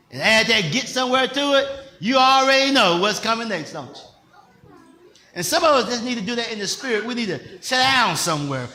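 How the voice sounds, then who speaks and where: An older man, a pastor, preaching in a conversational style with call-and-response questions, rising at times to shouts. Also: high-pitched, echoey room. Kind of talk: sermon.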